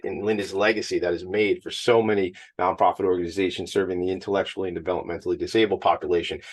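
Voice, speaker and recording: A man's voice: sits low, little pitch movement, quick pace. A man hosting an interview, enthusiastic and effusive, getting emotional at times. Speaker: podcast host. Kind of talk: lively interview chat. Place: at a school event.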